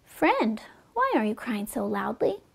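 A woman's voice: fairly high pitch, wildly swooping pitch, unhurried, vocal fry, husky, full character voice. A woman reading as timid little crabs. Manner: timid, pitying. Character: small timid trusting crabs.

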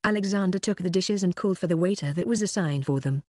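An audiobook narrator reading a web novel in an even, unhurried way. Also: medium pitch, dry recording, clean studio sound.

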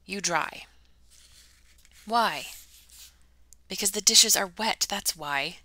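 A woman voicing a brisk, brusque older woman who speaks in a matter-of-fact way. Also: medium pitch, pushed and bright, no echo, heavily acted.

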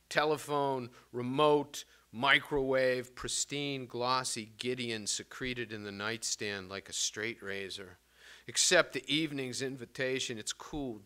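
A male poet giving a public reading of his work, measured and expressive, with casual asides between pieces. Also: medium pitch, clear, resonant tone. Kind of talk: literary reading to an audience.

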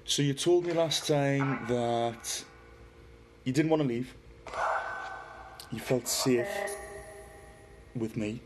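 Middle-aged Geordie man, mid-pitch, chatty livestream host; clear static hiss under the voice. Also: slow pace, pauses often. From Newcastle, northeast England. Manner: chatty, reads viewer comments aloud, talks to a spirit box. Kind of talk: casual livestream chat.

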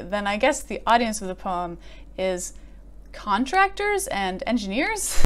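A woman giving a casual poetry critique, chatty and amused, often filling pauses with "like.". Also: medium pitch, clear, resonant tone. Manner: chatty, frequent "like" fillers, amused. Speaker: poet and video host.

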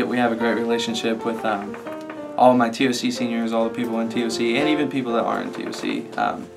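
A teenage boy in a high school musical's cast talks through an interview, pausing often and restarting his sentences. Clear music plays underneath his voice. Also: low-quality recording. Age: teens. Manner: hesitant, many fillers and restarts. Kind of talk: casual interview.

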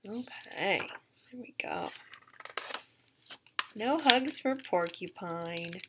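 A woman, a museum educator, reading a picture book aloud to young English learners, animated and repetitive, sometimes dropping to a soft whisper. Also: medium pitch, very slow, long pauses, background noise.

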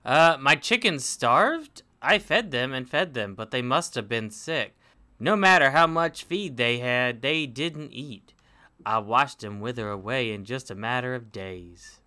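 A man's voice: medium pitch, lively intonation, unhurried, bright, forceful tone. A man putting on a drawling, grieving villager. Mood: mournful.

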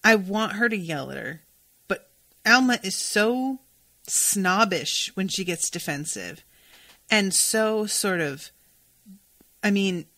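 Bright-voiced woman recapping casually. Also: mid-range voice, lively intonation, takes it slowly, pauses often. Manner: chatty, swears freely, reads quoted dialogue aloud. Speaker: podcast host recapping a TV episode.

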